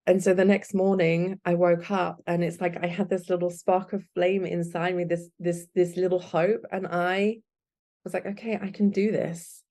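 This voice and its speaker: A woman's voice: lowish voice, level tone, normal speed, mellow. A young adult woman, a guest telling her own story in an earnest, candid way. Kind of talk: personal storytelling.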